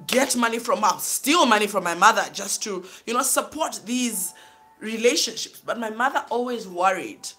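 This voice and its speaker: A woman tells her own life story, open and deeply emotional. She talks in loose spoken sentences and keeps checking in with the listener. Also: fairly bright tone. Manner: emotional, keeps saying "you know what I'm saying". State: tearful at times. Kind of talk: personal storytelling.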